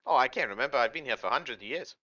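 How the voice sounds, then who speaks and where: A man voicing a centuries-old female night hag in a put-on Boston accent, high-pitched, crude and brash. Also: expressive, racing, sharp tone, highs cut off. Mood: breezy.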